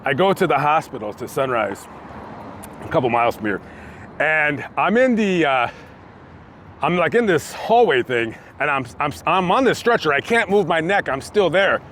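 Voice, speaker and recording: A man vlogging outdoors by a busy street, telling a story with lively acted-out quotes. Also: a little high, normal speed. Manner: animated storytelling, acting out quotes. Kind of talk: storytime vlog told on location. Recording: faint street noise outdoors. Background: passing traffic.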